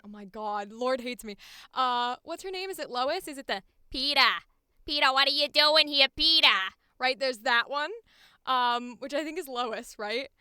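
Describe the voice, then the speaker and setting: A young woman who works as a voice actor chats on a livestream, bubbly and casual, rambling and laughing often. Her high voice is pushed, bright and smooth, recorded at studio quality with no room sound.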